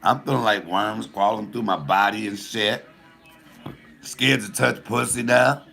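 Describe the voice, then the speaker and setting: A man telling a raunchy personal story as a comedian, loud and profane, while cooking. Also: lowish voice, a little slow, creaky.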